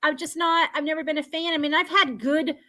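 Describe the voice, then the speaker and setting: Woman host, casual live-stream chat, high and bright, laughs often. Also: fairly even intonation, fairly quick. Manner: chatty, laughs often, filler-heavy. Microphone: video call.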